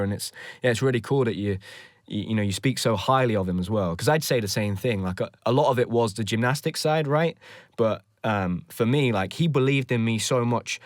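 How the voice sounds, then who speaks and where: A man hosting a podcast, reflecting on his own coaching and asking a guest questions in a relaxed way. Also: medium pitch, a little fast, no echo, clean studio sound. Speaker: podcast host. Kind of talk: casual interview chat.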